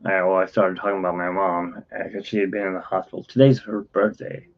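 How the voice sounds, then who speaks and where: His deep voice barely shifts in pitch, and he talks fairly quickly. The tired host of this casual vlog, captured in dull lo-fi audio, rambles through a personal story, cutting himself off and voicing each person he quotes.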